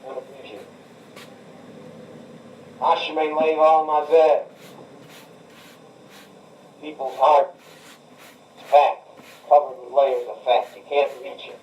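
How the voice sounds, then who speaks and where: An older rabbi delivers a Torah class, intoning Hebrew verses slowly and then unpacking each one in a relaxed, conversational way. His voice sits a little high for a man. The recording is roomy and distant, with a faint hiss underneath. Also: lo-fi sound. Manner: chants Hebrew phrases slowly, then explains them in a conversational tone. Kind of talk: Torah lecture, translating Hebrew verses line by line.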